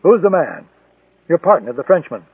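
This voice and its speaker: A man's voice: a little high, very animated, moderate pace, slightly rough, dry recording, heavily acted. A man reading an audiobook voices a brutal male East German secret police handler interrogating harshly. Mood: shouting menace. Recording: tinny, distant, dry lo-fi recording.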